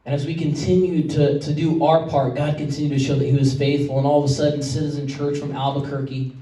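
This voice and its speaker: A man's voice: fairly high pitch, level tone, fast talker, dark tone. A man, a pastor, preaching a sermon in a conversational storytelling way. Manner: conversational storytelling, choked up at times. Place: church sanctuary. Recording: echoey church hall from far off.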